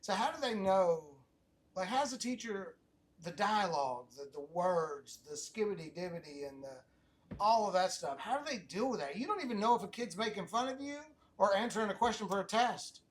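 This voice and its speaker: Rambling middle-aged podcast host. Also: male voice, sits high, expressive, normal speed. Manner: rambling, self-interrupting questions. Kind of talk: casual interview chat.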